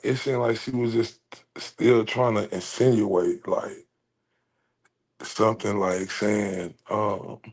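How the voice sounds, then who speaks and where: Gravelly, slow-talking man. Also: medium pitch, a little mellow. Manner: chuckles between phrases, repeats himself, informal. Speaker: commentary vlogger. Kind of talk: casual commentary.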